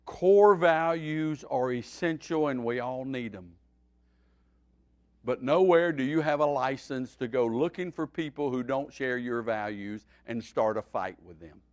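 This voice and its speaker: A man, a pastor, teaching a Bible study in a folksy, animated preaching style that swings between loud and quiet. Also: mid-range voice, a little slow.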